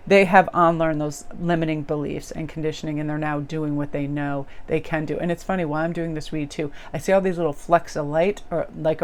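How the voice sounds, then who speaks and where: A woman with a lowish voice reads tarot cards for her audience in a loose, casual way. Her talk is upbeat and chatty, full of fillers, and it jumps high in pitch whenever she stresses a point. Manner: animated, with big jumps up in pitch for emphasis. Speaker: tarot reader. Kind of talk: casual tarot reading video. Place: indoors near a window.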